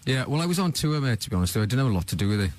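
A man's voice: medium pitch, big pitch swings, a little mellow. A man guesting on a radio show, a musician, joking about life on tour. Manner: joking, fast-talking. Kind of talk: casual radio chat.

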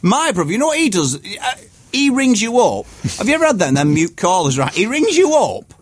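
Lively high-voiced man. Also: no room sound. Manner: rambling, self-interrupting storyteller, quick to laugh. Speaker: radio show guest. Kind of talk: casual banter on breakfast radio.

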